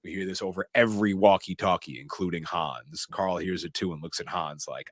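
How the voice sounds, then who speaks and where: A low-voiced man recaps a movie plot scene by scene in casual podcast chat. He is animated, jumping into short voices for each character. The sound is dry and close to the mic. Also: no room sound. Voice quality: animated storyteller, doing quick character voices. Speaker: podcast co-host recapping a film.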